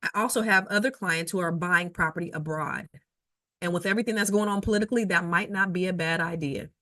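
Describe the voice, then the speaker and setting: A woman real estate investor giving advice in an emphatic, conversational way, telling personal stories and often repeating herself with quick asides. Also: lowish voice, fairly bright tone, no room sound, clean studio sound. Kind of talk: advice talk with personal anecdotes.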